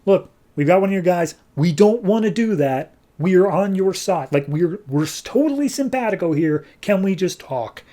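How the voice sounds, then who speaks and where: A man's voice: high voice, expressive, mellow, pitched above the performer's own voice. A man playing an earnest female hero leader with an eager, persuasive manner. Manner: eager, persuasive, talks fast.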